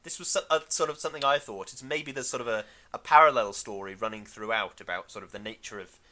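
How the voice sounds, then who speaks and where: A man's voice: mid-range voice, sharp tone. A man co-hosting a podcast, chatting casually about a film in a rambling, hesitant way with many fillers. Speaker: podcast co-host.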